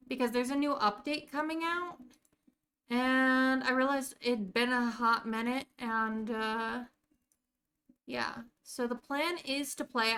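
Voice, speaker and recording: Bright, clear-voiced American woman streamer. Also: high-pitched. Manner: chatty, talks to viewers by name while playing. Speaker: game streamer. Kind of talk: casual live-stream chat.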